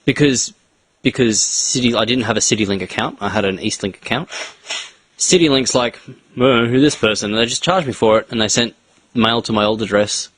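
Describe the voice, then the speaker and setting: A man's voice: medium pitch, brisk, fairly bright tone. A man co-hosting a casual chat, telling his story in a plain, matter-of-fact way.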